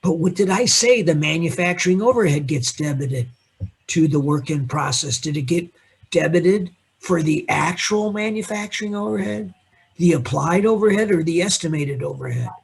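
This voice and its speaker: Male accounting instructor, husky and a touch high, lively teasing classroom lecture. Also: normal speed. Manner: animated, teasing, quizzes students by name. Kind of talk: classroom lecture with questions to students.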